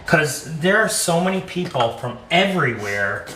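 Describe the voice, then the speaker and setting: Casual podcast co-host, male, jokey storyteller, bright tone, recorded from a distance in an echoey kitchen. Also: on the high side, normal speed, slight background noise. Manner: chatty, jokey storyteller with animated quoted voices. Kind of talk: casual chat while cooking. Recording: echoey room, distant mic, faint ambience.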